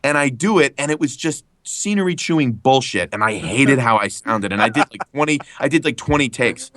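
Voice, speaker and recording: Bright, laughing, foul-mouthed male storyteller. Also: mid-range voice, lively intonation, a little fast, no room sound, studio quality. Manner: rambling, profane anecdote telling with frequent laughs. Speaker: guest voice actor. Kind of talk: casual podcast chat.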